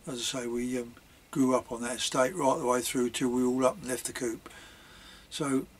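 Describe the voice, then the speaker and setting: Older man, storyteller; chatty, digressive delivery in local dialect, mid-pitched voice. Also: slight background noise. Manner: chatty, many fillers and asides, dialect grammar. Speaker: vlogger telling childhood memories. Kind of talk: rambling spoken reminiscence.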